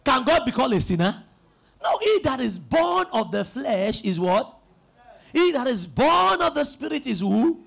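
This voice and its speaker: A man's voice: very high-pitched, sing-song, a little slow, vocal fry, fairly bright tone. A male pastor preaching an emphatic sermon, calling on the congregation to repeat after him. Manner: emphatic, call-and-response preaching.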